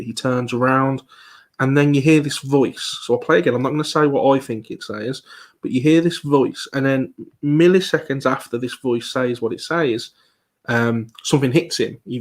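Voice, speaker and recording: A man giving a live online presentation as a paranormal investigator, talking with many pauses and restarts. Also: mid-range voice. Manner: hesitant, many ums and restarts.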